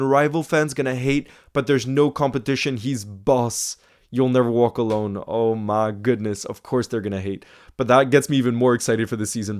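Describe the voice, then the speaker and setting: An excitable man hosting a football fan livestream, chatting casually, saying bro a lot and reading viewer comments aloud. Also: mid-range voice. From Iceland. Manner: excitable, fast-talking, says bro a lot.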